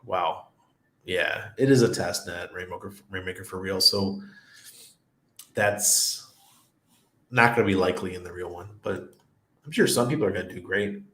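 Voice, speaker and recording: In a deep voice that's pushed and bright, a middle-aged man hosts a casual crypto livestream at a moderate pace with long pauses. He reads viewer comments, rambles through anecdotes, and laughs frequently, with a roomy echo in the recording.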